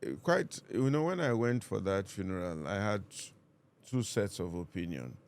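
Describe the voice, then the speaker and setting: A Nigerian pastor, a man, calmly telling a personal story in conversation and acting out what each person said. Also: sits low, slight background noise. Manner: calm, measured, reenacts dialogue.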